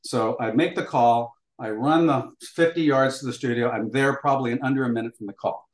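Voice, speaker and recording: A man's voice: medium pitch, fairly quick. An older man recounting a story as an interview guest, acting out dialogue as he goes, with frequent fillers. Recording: roomy echo.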